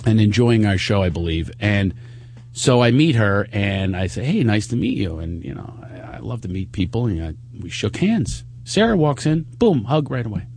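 A man hosting a radio talk show, telling comic stories and acting out the people in them. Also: moderate pace. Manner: animated storytelling, acts out quotes in a high voice. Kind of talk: casual comedic chat.

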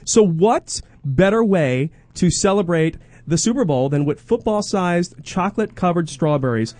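Rambling radio co-host, dry studio sound. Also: male voice, sits high, expressive, moderate pace, a little mellow, dry recording. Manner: rambling, self-interrupting, laughs often. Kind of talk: casual radio banter and ad reads.

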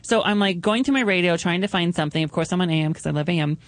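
A man co-hosting a casual chat, telling stories in an animated way and laughing often. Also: high-pitched, rapid-fire, no room sound. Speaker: co-host.

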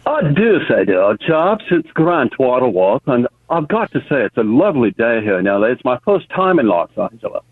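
A man's voice: medium pitch, big pitch swings, moderate pace, hardly any pauses, no room sound. A male caller putting on a stilted, over-posh fake English accent over the phone. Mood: pompous. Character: American man faking a posh English gent. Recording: dry tinny phone line.

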